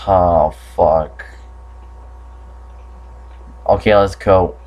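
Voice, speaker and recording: A man's voice: sits low, fairly even intonation, extremely slow, a little mellow. A young man commenting on a horror game playthrough, swearing often and yelping when startled. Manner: swears a lot, jumpy and startled. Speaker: gamer.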